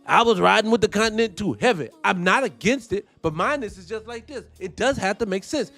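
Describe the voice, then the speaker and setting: A man hosts casual reaction commentary in a high, very lively voice. He swears freely and piles up rhetorical questions. Faint music plays behind him. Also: fairly quick, vocal fry. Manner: animated, profane, rhetorical questions. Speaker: host.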